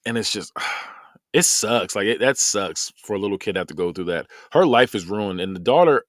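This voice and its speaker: A man hosting a podcast, giving a rambling, animated review of a documentary he has just finished. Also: on the low side, moderate pace, no echo, clean studio sound. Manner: rambling, animated, repeats himself. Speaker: podcast host.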